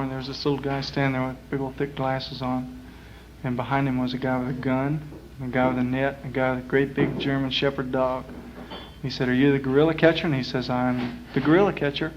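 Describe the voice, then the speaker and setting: A man telling jokes on stage in a small lounge, in a rambling, folksy way with many pauses and uhs. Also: mid-range voice, slight background noise. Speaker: performer. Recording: muffled 1960s live club tape.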